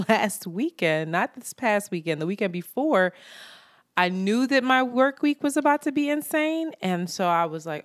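With a medium-pitched voice and a slightly slow pace, a young podcast co-host tells animated stories in casual chat, swearing freely and performing quotes from other people. The studio recording is clean, with no room sound.

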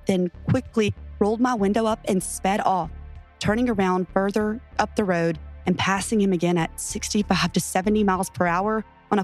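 A woman narrating a true first-person story in an earnest, tense way. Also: mid-range voice.

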